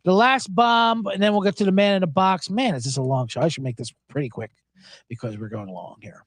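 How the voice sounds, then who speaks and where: A man's voice: sits high, brisk, no room sound. A man hosting a sports betting podcast alone, talking casually in a sarcastic, profane way and laughing often. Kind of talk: casual solo podcast talk.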